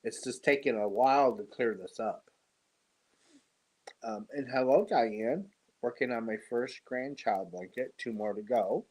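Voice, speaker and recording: A tired, congested man hosting a casual live stream, greeting viewers and talking slowly with many pauses and fillers. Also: mid-range voice, darkish tone, rough recording. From United States. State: tired and congested after surgery. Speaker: host of a live yarn stream.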